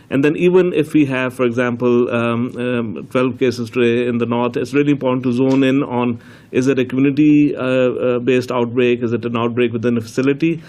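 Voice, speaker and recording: A middle-aged man answers a question at a press briefing, explaining in a measured, patient way. He pauses often on fillers as he builds his point. His voice sits at a middle pitch. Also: darkish tone. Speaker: chief medical health officer.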